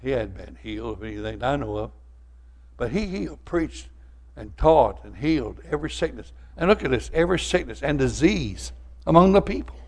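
An older man preaching a sermon, telling folksy stories and swinging from loud to soft. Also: medium pitch, animated, normal speed. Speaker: pastor.

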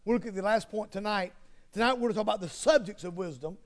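High-voiced preacher with emphatic bursts. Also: male voice, fast. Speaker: pastor. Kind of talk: sermon.

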